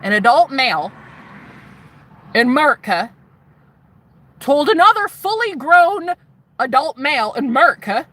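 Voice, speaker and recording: A woman's voice: sits high, big pitch swings, measured pace, pauses often, bright, forceful tone. A woman vlogger telling a story, sassy and profane, acting out the voices of other people. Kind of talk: animated storytelling monologue.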